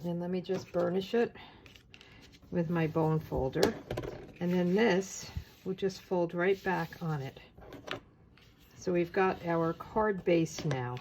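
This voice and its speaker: A woman giving a casual, chatty step-by-step craft tutorial, talking as she works with her hands and often pausing on filler words. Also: lowish voice, background noise. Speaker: papercraft demonstrator.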